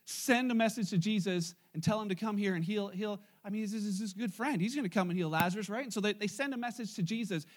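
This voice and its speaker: A man's voice: sits high, fast, hardly any pauses. A man preaching a sermon in church, retelling a Bible story in a casual, joking way to his congregation. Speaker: pastor.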